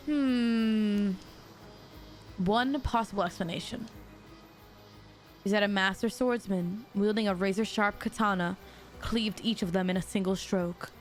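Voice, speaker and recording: A woman streaming a mystery game, reading the dialogue aloud and breaking off into excitable, jokey asides to her chat. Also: mid-range voice, a little slow, long pauses, soft background music. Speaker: VTuber streamer.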